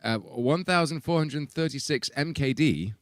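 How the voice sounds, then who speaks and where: A man's voice: mid-range voice, moderate pace, no room sound. A man hosting a stream, reading donations aloud in giggly casual chat. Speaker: band member hosting a stream.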